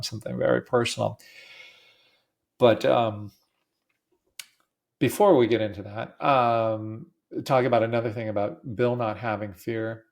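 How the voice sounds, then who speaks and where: A man's voice: on the low side, gravelly, darkish tone. A middle-aged man hosting a podcast, telling a personal story in a rambling, casual way with many fillers and restarts. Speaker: podcast host.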